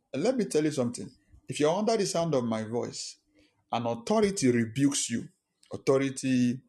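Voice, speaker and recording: A man's voice: mid-range voice, darkish tone. A man preaching a sermon as pastor, emphatic, repeating key lines and firing rhetorical questions at the congregation. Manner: fires rhetorical questions at listeners.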